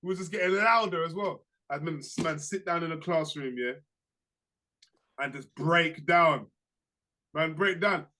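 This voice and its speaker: A young man, chatting casually as a podcast co-host and telling lively stories in slang. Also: on the high side, moderate pace, long pauses, slight background noise. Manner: animated storytelling, slangy, laughs through anecdotes. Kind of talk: casual chat.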